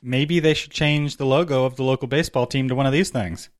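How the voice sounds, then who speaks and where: A man on a podcast, chatting casually and throwing in teasing jokes at mid pitch. His voice is plain and relaxed in tone. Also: fairly quick. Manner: joking, teasing. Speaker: podcast co-host.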